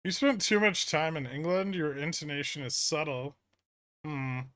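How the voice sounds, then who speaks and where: A man's voice: fairly high pitch, animated, normal speed, fairly bright tone, dry recording. A man hosting a casual trading livestream, reading chat questions and answering with dry, sarcastic humor. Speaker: livestream host.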